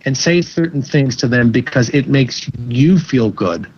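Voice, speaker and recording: A man speaking as a psychologist guest in an interview, giving measured advice and often repeating words as he thinks. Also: medium pitch, expressive, darkish tone, breathy edge, lo-fi sound. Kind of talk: interview answers.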